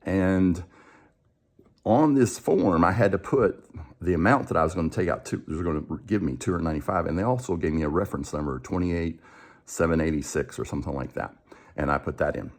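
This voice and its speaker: A man's voice: sits low, a little fast. A man who coaches and hosts a show tells a personal story in a conversational way, acting out the dialogue and often restarting his sentences.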